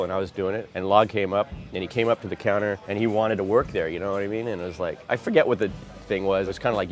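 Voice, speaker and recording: A man's voice: low-pitched, steady tone, rapid-fire, soft background music. A skateboarder around fifty telling old stories in a rambling way, often laughing as he goes. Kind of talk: casual storytelling interview.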